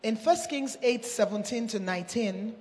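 A woman preaching a sermon, reading scripture aloud with small stumbles and slowing down to stress her points. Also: fairly high pitch, a little mellow. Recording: long reverb of a large hall.

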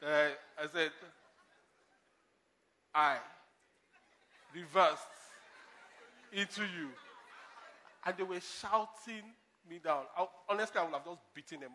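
A man preaching with a bright, high voice. He swings from loud, forceful emphasis to soft asides and laughs at his own stories. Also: brisk, hardly any pauses. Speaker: pastor. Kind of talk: sermon.

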